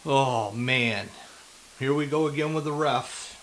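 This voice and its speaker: A man's voice: mid-range voice, slow pace, fairly bright tone, slight background noise. A man giving fan play-by-play commentary on a football game, ranting heatedly and profanely at the referees.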